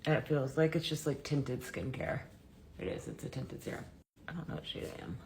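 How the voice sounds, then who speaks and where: A woman in her thirties with a raspy voice, chatting casually and softly through a makeup tutorial. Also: very deep voice, brisk, slight background noise. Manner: chatty and offhand, soft-spoken. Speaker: beauty vlogger.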